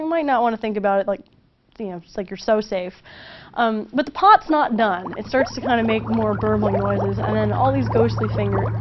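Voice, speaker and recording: A woman's voice: medium pitch, lo-fi sound. A woman teacher giving a casual, joking lecture, talking chattily with many fillers.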